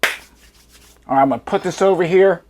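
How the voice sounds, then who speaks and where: A man's voice: high-pitched, brisk, background noise. A man hosting a home cooking vlog, hyped and slangy, drawing out catchphrases while taste-testing in his kitchen. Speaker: cooking show host.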